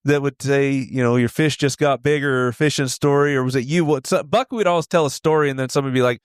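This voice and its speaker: Guy in his 40s telling road stories, keeps cracking up, dead dry mic, middle pitch. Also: fast talker, smooth, no echo. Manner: animated, laughs often, acts out voices in his stories. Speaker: podcast guest, retired steer wrestler. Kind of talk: casual storytelling.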